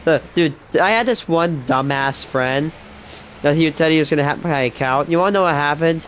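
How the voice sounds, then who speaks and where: A man's voice: a little high, moderate pace, a bit bright, a little hiss or hum. A man ranting bluntly in casual chat, swearing and rambling on.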